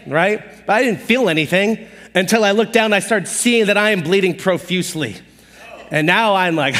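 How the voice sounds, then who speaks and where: A man preaching a sermon as pastor, telling personal stories in an animated, conversational, self-deprecating way. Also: sits high, normal speed. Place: church auditorium stage. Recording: long hall reverb.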